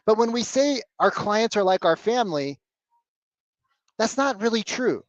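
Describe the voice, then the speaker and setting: A man coaching salespeople live on a video call, blunt and animated, swearing casually. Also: sits high, a little slow, no echo, lo-fi sound.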